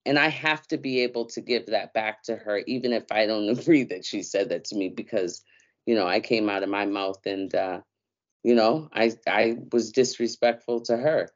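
A woman co-hosting a casual podcast, telling a story in an animated way with slang and lots of fillers. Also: extremely low pitch, moderate pace. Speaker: co-host. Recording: dull lo-fi sound.

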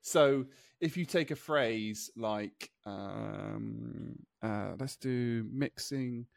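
A man's voice: mid-range voice, extremely slow, gravelly, dry recording. Chatty man on a dry mic. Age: 30s. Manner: chatty, looks things up and reads them out, laughs often. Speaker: podcast co-host. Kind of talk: casual chat.

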